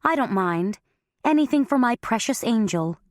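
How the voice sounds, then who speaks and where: A woman's voice: fairly high pitch, lively intonation, moderate pace, no room sound, studio quality, pitched above the performer's own voice, natural voice. A woman doing a prim, exasperated older mom. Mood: doting. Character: fussy doting older mother, exasperated.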